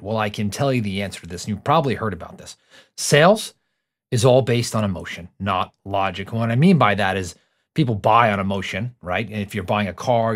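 A middle-aged man hosting a podcast, talking with emphatic, preacher-like build-ups, rhetorical questions and personal stories with asides. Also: mid-range voice. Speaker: podcast host. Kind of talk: motivational podcast talk.

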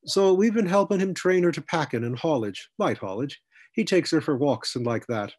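Read this as a man playing a big, good-humored Irish centaur cadet, raised and lively, explaining horse paces with relish to a stranger. The storybook voice is a touch husky. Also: a little high, normal speed, voice pushed up. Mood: cheerful. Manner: jovial, chatty, explaining. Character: big hearty red-haired Irish male centaur cavalry trainee.

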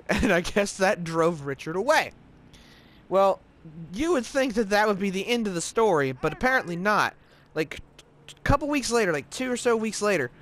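A man with a fairly high voice tells a story at an easy, chatty pace. He rambles along, circling back with plenty of fillers as he goes. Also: fairly bright tone. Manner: rambling, conversational, lots of fillers. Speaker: gaming video narrator. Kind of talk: casual storytelling over gameplay.

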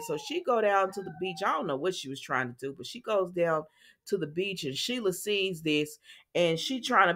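Chatty woman recapping a soap opera. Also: mid-range voice. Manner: chatty, animated retelling with asides to viewers. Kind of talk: casual chat.

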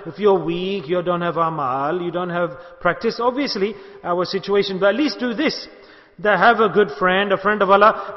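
A high-pitched middle-aged man from the UK preaches a sermon, acting out quoted lines and urging his listeners on. His voice trails off in a long hall reverb, and the recording sounds dull and lo-fi. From United Kingdom. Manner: storytelling, acts out quoted speech, exhorting. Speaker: Sufi sheikh giving a talk.

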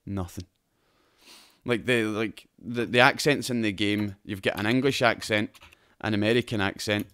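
This Scottish podcast host has a lowish, somewhat bright voice with fairly even intonation and a moderate pace. Recorded dry at studio quality, he chats casually about games and shows with friends, sweary, laughing and heavy on banter.

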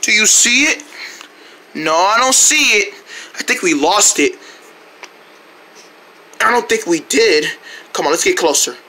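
Bright, squealing skit performer. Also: medium pitch, unhurried, pauses often. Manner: excitable, shouts and squeals often. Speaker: skit performer voicing several characters. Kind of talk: playful comedy skit with character voices.

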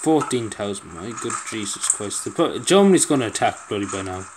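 A man's voice: lowish voice, animated, fairly quick, background noise. A man giving casual let's-play commentary, exasperated and pleading, swearing often as things go wrong. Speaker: gameplay commentator.

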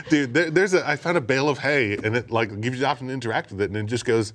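A man co-hosting a gaming podcast in casual chat, excitable, laughing often and swearing freely. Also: medium pitch, fast talker. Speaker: podcast co-host.

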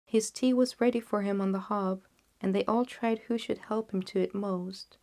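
Woman storyteller, mid pitch, hushed and soft. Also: fairly even intonation, normal speed. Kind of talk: audiobook narration.

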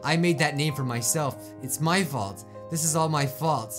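A man's voice: fairly high pitch, moderate pace, over music, voice pushed down, natural voice. A man reading as a sad, self-blaming teen girl. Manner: quiet, flat reading with little acting.

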